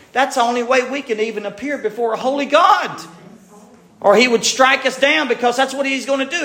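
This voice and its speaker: A man's voice: extremely high pitch, bright, forceful tone, roomy sound. A male pastor preaching a sermon, reading scripture and building to emphatic, rising passages.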